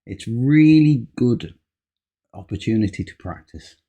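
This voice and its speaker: A man's voice: medium pitch, sing-song, slow, pauses often, darkish tone. A man teaching an English speaking lesson, patiently modelling example answers and stressing key words. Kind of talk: slow, patient ESL lesson.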